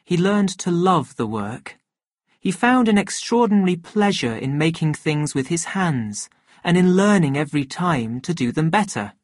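A narrator reading a story aloud in a measured, steady way. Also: mid-range voice, no room sound, studio quality. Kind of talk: scripted narration of a graded reader.

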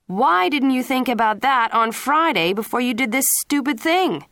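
A firm middle-aged father scolds his son in an audiobook, read by a woman. The voice sits low and lays down the law. The recording is dry and close. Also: unhurried, vocal fry, no room sound. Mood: stern. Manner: firm, lecturing.

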